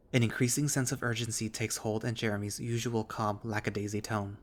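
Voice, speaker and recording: A man reading a visual novel aloud in the first person, with steady storytelling. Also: lowish voice, a little fast, few pauses. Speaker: narrator.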